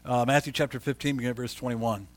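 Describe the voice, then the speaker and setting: A man preaching a sermon, reading scripture with asides and swinging from tearful and hushed to loud and urgent. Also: medium pitch, fairly even intonation, fast talker. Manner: reads scripture aloud with asides to the congregation.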